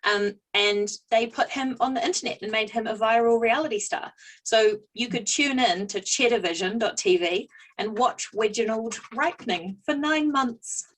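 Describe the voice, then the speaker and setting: A woman's voice: a little high, moderate pace, a bit bright, low-quality recording. Playful woman podcast co-host. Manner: playful, tells stories with mock-earnest drama. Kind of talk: casual group chat.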